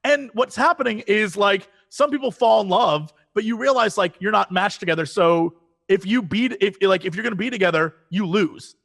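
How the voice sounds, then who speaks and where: A man chatting as a podcast guest, telling animated stories and breaking into exaggerated quoted voices. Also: high-pitched, moderate pace, vocal fry. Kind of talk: casual chat. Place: Los Angeles.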